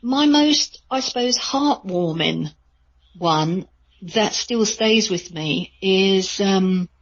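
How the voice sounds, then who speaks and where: A woman, a psychic medium, telling chatty, rambling stories in a radio interview with a husky voice. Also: medium pitch, slow, lo-fi sound. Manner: chatty, rambling with many fillers.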